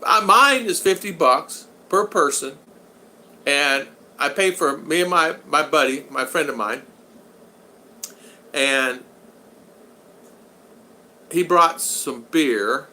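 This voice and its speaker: Reading live chat on his vlog, an older man chats casually and rambles, greeting viewers by name. He speaks slowly with frequent pauses in a slightly high, sharp voice, and the audio quality is poor.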